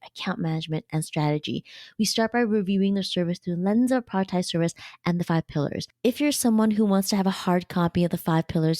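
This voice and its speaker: A woman from Canada hosting a business podcast, giving a steady, direct scripted talk into a close microphone. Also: mid-range voice, no room sound. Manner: steady, direct, instructive delivery. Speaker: podcast host and business coach.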